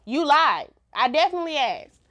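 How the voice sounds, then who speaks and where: A woman's voice: sits high, sing-song, normal speed, pushed and bright. A woman giving a casual, blunt TV review in a vlog, laughing often. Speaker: TV show reviewer.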